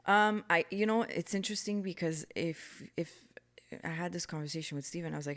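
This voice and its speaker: Low gravelly woman, animated guest. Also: normal speed. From Canada. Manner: animated, talks about her low singing voice. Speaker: singer-songwriter guest. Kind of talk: casual interview chat.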